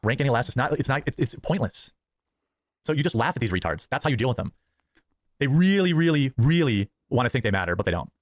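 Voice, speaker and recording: A man's voice: mid-range voice, big pitch swings, fast talker, no echo, clean studio sound. A man streaming a ranting commentary, contemptuous of his critics and mocking them. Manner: contemptuous, mocks critics in sneering voices.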